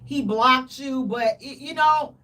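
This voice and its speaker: A woman co-hosting a casual radio talk show, animated and dramatic, with playful exaggeration. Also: high voice, slow, distant mic.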